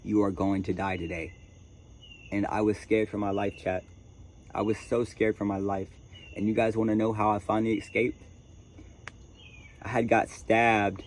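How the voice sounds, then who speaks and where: A man tells a dramatic story straight to his viewers, calling them chat and y'all as he goes. His voice sits fairly low, and faint crickets and birds sound behind him outdoors. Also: level tone, normal speed, long pauses, a little hiss or hum. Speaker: vlogger. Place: outdoors at a tent camp.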